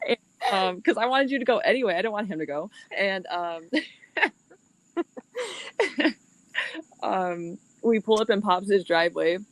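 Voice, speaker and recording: A young woman hosting a casual chat, blunt and quick to laugh, swearing freely as she talks. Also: medium pitch, sing-song, no room sound. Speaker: podcast host.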